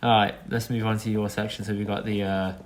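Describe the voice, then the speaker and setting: Low-voiced guy rattling off jokes on a podcast, bit of background noise. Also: little pitch movement. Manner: quick, joking, banter. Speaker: podcast co-host. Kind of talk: casual chat.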